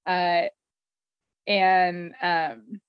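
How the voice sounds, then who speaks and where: A woman's voice: fairly low pitch, level tone, very slow, smooth, no room sound. Woman podcast host, casual recap, dull dry recording. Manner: chatty, filler-heavy, laughs often.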